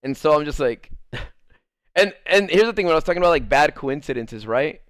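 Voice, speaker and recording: A man's voice: fairly high pitch, fairly quick, no room sound, clean studio sound. A man telling a story in a casual, profane way, acting out his own lines and the other person's lines as he goes and laughing easily. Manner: swears a lot, tells the story with lively re-enacted quotes. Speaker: streamer.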